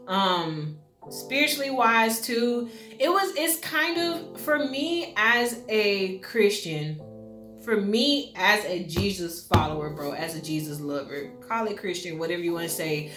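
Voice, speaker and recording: Young woman, casual slangy book-review chat, animated and laughing, roomy echo, faint music behind. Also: medium pitch. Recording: echoey room with faint music.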